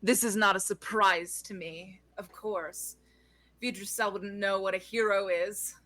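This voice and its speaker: A woman's voice: mid-range voice, steady tone, a little slow, sharp tone. A woman voicing a proud, stern female knight who rules a castle, speaking in a formal, commanding way.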